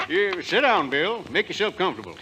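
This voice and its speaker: An actor playing a boisterous, rough-edged Western rancher in 1940s radio acting, talking in folksy slang and laughing often. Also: male voice, high voice, noisy background. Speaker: lead in a radio comedy.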